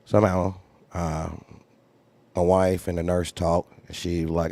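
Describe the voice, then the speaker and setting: Deep-voiced man telling a blunt story. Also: flat delivery, a little slow, pauses often, mellow. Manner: blunt, profane, repeats phrases for emphasis; acts out others' lines in raised voice. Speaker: trucking company owner. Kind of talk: candid storytelling interview.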